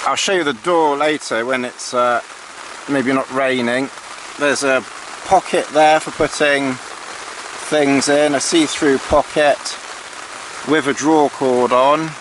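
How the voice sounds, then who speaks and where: Man, slow pace, hesitant, dry sarcastic, inside tent, faint rain noise. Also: medium pitch. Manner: dry sarcastic asides, hesitant with many fillers. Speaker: outdoor gear reviewer. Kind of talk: casual tent walkthrough.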